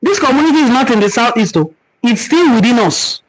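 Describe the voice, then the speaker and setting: With a very high voice, lively intonation and a brisk pace, a man speaks against a noisy background. He has a Nigerian accent and hosts a live-streamed cultural forum, teaching and answering viewer comments earnestly in a preaching tone, repeating words to emphasize them.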